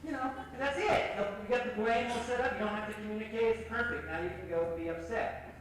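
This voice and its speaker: A man giving an animated workshop lecture, repeating points and directing the audience, recorded from far off on old reel tape in an echoey hall. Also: high voice, a little fast, background noise. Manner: animated, repetitive, coaching the audience.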